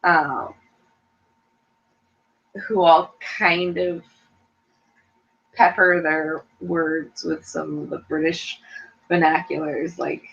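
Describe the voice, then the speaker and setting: Speaking very slowly with vocal fry and frequent pauses, a low-pitched middle-aged woman co-hosts a casual chat show. She's a mother, chatty and animated, laughing often and imitating voices when she quotes people. The sound is dull and lo-fi.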